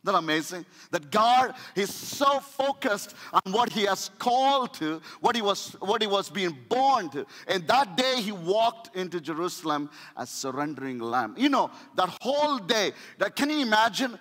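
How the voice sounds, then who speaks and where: Pastor guy preaching, high voice, goes loud then real quiet, echoey church. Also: sing-song, moderate pace, few pauses. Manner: impassioned, swings from loud to hushed; repeats phrases for emphasis. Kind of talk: sermon.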